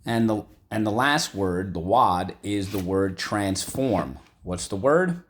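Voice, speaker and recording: A man teaching a vocabulary lesson from home, repeating words slowly for students to echo. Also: fairly low pitch, animated. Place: home room.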